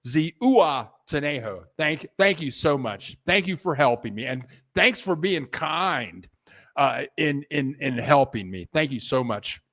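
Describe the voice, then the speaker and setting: A man hosting a casual livestream, rambling in a halting, repetitive way, thanking viewers and restarting his sentences as he chats from his computer at home. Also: medium pitch, expressive, sharp tone. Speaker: livestream host reading viewer donations.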